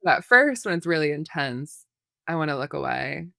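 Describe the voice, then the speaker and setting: A woman's voice: low voice, big pitch swings, normal speed, vocal fry, a bit bright, no room sound, clean studio sound. A woman therapist, a podcast guest, explaining in a rambling, casual way full of fillers and examples.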